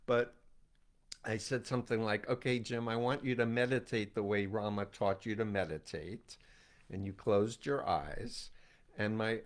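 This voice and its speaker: An older man hosting a conversational interview, talking about his work and telling stories in an animated way. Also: on the low side, moderate pace. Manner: animated storytelling, acts out quoted voices. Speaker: host, cult expert.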